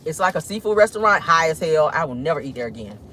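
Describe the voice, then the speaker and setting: A woman hosting a casual gossip vlog, telling stories in a sassy, animated way while driving. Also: deep voice, fast talker. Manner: animated, sassy, swearing storyteller. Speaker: host. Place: in a car, driving.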